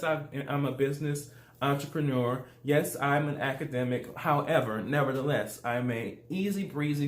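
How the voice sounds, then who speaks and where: A man from Louisiana, USA, with a Southern accent and a medium-pitched voice hosts his life coaching channel. His motivational talk is upbeat and casual, with a lot of repetition, and the audio is reverberant.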